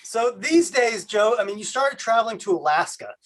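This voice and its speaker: A man from Canada hosting a video call, talking in a halting way with many fillers. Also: high voice, very animated, a bit bright. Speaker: host.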